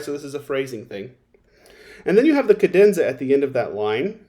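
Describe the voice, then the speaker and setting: A man's voice: mid-range voice, sing-song, quick pace, darkish tone. A man giving methodical spoken feedback on a violin performance, sometimes singing phrases to show them. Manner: methodical, directive, sings phrases to demonstrate. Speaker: violin teacher. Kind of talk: recorded lesson feedback.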